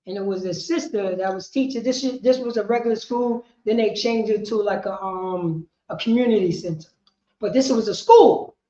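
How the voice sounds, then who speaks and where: A woman teaching a history class, lecturing emphatically, repeating herself and rising to shouts. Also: mid-range voice, normal speed. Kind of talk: street-preaching lecture. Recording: roomy, dull lo-fi sound.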